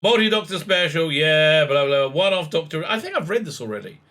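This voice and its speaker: A man with a high, sharp, bright voice giving sarcastic video commentary. He rants with plenty of fillers and breaks into sudden loud outbursts. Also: very animated, moderate pace, few pauses. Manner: sarcastic, ranting, with frequent fillers. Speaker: online commentator.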